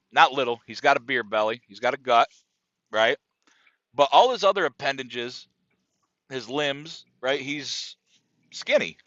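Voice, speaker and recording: A podcast host with a mid-range voice tells a story on his comedy podcast as a casual, profane rant. He's animated and keeps checking in with "right?" and "dude," and the recording sounds dry, dull and lo-fi.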